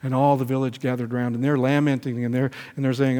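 Speaking fast with few pauses, a pastor preaches in a church whose hall adds an echoey reverb. His mid-range voice holds a level tone as he earnestly tells a parable and then gently leads a prayer.

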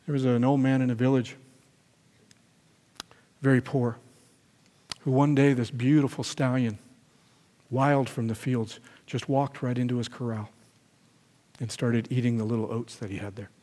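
A man's voice: medium pitch, level tone, moderate pace, long pauses. A man preaching a sermon in a church, telling a parable and leading a prayer in an earnest voice. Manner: storytelling, earnest, then gentle prayer. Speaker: pastor. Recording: echoey hall reverb.

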